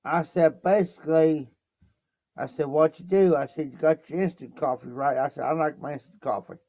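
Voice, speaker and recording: A livestream host from Ohio tells a rambling anecdote at a moderate pace, his fairly high voice holding a steady tone while he keeps stacking up "I said" and "he says." The recording is dry, and the stream audio is dull and lo-fi.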